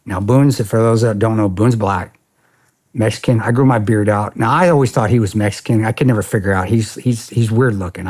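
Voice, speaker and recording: A former security contractor, appearing as a podcast guest, tells war stories in a casual interview. His voice is lowish and husky, and he is blunt and profane, animatedly retelling events with quoted dialogue.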